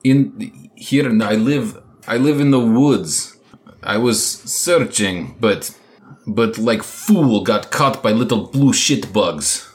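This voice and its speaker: A man voicing Ivan, a gruff, bitter older male prisoner who speaks in clipped, broken English with a put-on Russian-style accent. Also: on the low side, lively intonation, slow, pitched above the performer's own voice.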